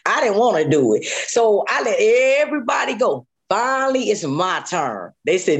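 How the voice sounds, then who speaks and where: A woman's voice: on the low side, very animated, normal speed, hardly any pauses, breathy edge. A woman guest telling a harrowing personal story in an interview, vividly and emotionally, repeating phrases and sometimes close to tears. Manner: vivid retelling with repeated phrases and sound effects; voice rises and falls sharply with emotion.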